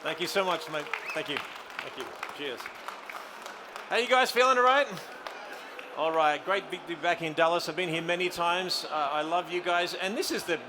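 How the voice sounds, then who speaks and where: A middle-aged man with an Australian accent giving a lively seminar on a convention stage and engaging the audience directly. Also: high-pitched. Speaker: presenter. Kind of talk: live photography seminar. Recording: live hall with audience noise.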